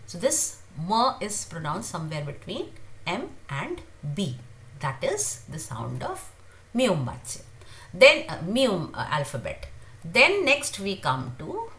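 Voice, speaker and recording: Slow, patient woman drilling pronunciation. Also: on the low side, huge pitch swings, pushed and bright, slight background noise. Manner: repeats each sound slowly many times; halting, with frequent uh fillers. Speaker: language teacher. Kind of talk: beginner pronunciation lesson.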